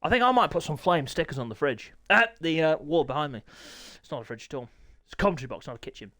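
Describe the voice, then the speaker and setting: A man commentating a sim motorbike race live, excitable, jokey and self-mocking, his voice a little hoarse. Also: on the high side, quick pace, no room sound. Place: small home room called a commentary box.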